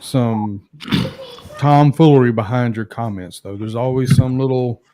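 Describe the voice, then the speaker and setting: A man tasting whiskey with friends in casual chat, often halting and restarting his thoughts. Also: mid-range voice, warm tone, no echo. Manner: hesitant, self-correcting. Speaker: guest taster.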